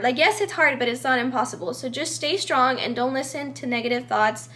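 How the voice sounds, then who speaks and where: A young woman talks straight to her camera, giving friendly advice in a casual, chatty way. Her voice sits high, and she fills her sentences with "like" and "you know" while staying earnest and encouraging. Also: fast talker, hardly any pauses, a bit bright.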